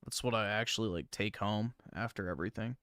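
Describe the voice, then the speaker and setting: A man hosting a livestream, chatting casually with viewers and swearing freely, trailing off into low mumbled asides. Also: fairly quick, fairly bright tone, clean tone, dry recording, studio quality. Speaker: livestream host. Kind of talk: casual stream chat.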